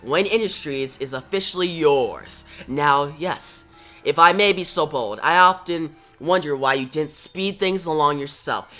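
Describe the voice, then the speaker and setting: A man's voice: on the high side, a little slow, bright, forceful tone, faint music behind. A man voicing a smug, callous male doctor villain in a casual comic story retelling. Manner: polite, sly, callous.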